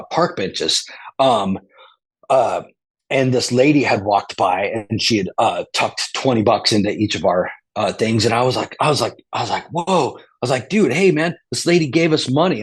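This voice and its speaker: A man with a slightly husky, mid-pitched voice tells a story as an interview guest. He rambles and restarts often, dropping casual slang as he goes.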